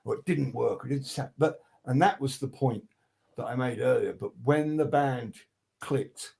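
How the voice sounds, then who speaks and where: A man's voice: mid-range voice, normal speed, gravelly. An older man, telling studio stories in a rambling, profane, casual way on a video call. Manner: rambling, profane, restarts a lot, animated quoting. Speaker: guest record producer. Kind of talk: casual storytelling interview.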